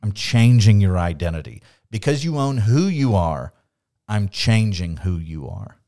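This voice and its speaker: This is God as a kind, fatherly presence, played by a man retelling the story. The voice sits low and moves slowly and calmly, offering comfort rather than judgment. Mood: reassuring. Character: God, a gentle fatherly male voice.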